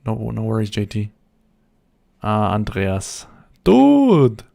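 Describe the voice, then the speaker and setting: A man's voice: lowish voice, normal speed, creaky, a little mellow. A man from Germany with a slight American accent hosts a casual livestream at home. He chats easily, reads out viewer comments, answers them, and laughs often. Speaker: livestream host.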